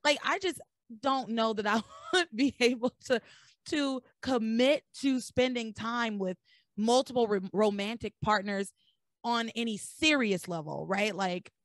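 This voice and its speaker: A young woman casually recapping soap opera episodes as a podcast host, acting out the characters' lines in lowered voices. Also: measured pace, dry recording. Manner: animated storyteller acting out dialogue in lowered voices. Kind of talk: casual chat.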